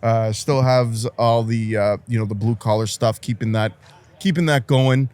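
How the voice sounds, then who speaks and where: A man's voice: mid-range voice, steady tone, normal speed, darkish tone. A man co-hosting a live podcast at a trade show, talking in an easygoing, banter-heavy way and calling people brother. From Canada. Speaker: podcast co-host. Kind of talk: casual live podcast chat. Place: fishing trade show floor.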